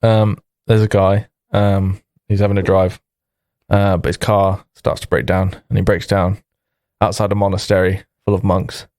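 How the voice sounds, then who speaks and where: A man's voice: low voice, little pitch movement, moderate pace, a little mellow, no room sound, clean studio sound. A man co-hosting a comedy podcast, telling a long joke in a rambling, casual way with lots of fillers. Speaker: podcast co-host.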